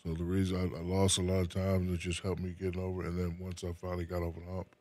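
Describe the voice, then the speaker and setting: A man's voice: low voice, completely flat delivery, quick pace, dark tone. A man from New Jersey, a retired basketball player being interviewed, speaking in a laid-back way and often repeating words as he starts a sentence. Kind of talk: casual interview chat.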